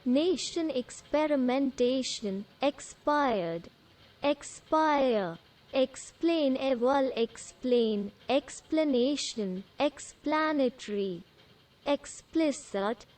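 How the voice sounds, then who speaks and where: A woman reads an English word list aloud, one word at a time, with a pause after each. Her voice sits high, and she goes very slowly and deliberately, like a vocabulary drill. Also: expressive, a little mellow, rough recording. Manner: says single words one at a time with pauses.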